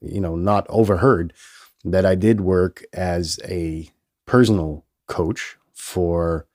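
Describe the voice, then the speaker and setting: A man hosts his own podcast, rambling and swearing and laughing at himself. He talks slowly in a very low voice that still sounds a little nasal from a cold. The close mic is dry, with no room sound. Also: vocal fry, a little mellow, dry recording. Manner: rambling, profane, self-amused. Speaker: podcast host. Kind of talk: casual solo podcast monologue. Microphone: headphones and studio mic.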